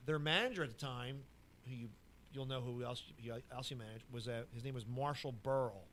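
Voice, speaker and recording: A man's voice: mid-range voice, a little fast, slight background noise. A man co-hosting a podcast, casually telling a story and acting out what each person said. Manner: animated anecdote teller who acts out quotes. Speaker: podcast co-host.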